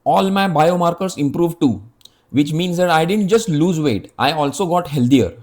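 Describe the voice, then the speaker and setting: Earnest man in his fifties, slightly high voice. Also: moderate pace, darkish tone. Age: 50s. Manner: earnest, direct, addresses viewer with rhetorical questions. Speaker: health app presenter. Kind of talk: scripted health explainer narration.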